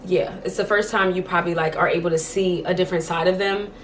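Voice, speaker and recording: A woman's voice: fairly low pitch, fairly even intonation, fast, a little hiss or hum. A young woman vlogging from home, chatting casually to camera and telling stories, full of "like" fillers. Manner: chatty storytelling, many "like" fillers.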